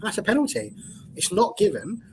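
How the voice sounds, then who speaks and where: A man's voice: sits high, sing-song, moderate pace, a little mellow, slight background noise, poor audio. A man on a fan panel, talking football in a chatty, jokey way. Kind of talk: casual football discussion.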